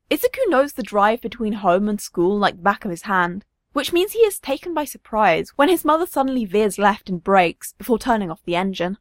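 A woman narrating a story, reading with expressive, varied intonation. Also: mid-range voice, brisk, few pauses, no echo.

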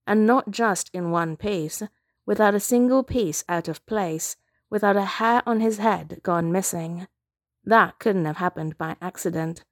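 A woman narrating a story aloud, steady and measured. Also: medium pitch, no echo, clean studio sound. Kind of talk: reading fan fiction aloud.

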